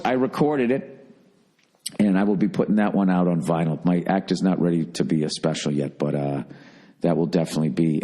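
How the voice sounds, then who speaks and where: A man's voice: very deep voice, dark tone. A man hosting a podcast, telling a story in a casual, profane, emphatic monologue. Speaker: podcast host.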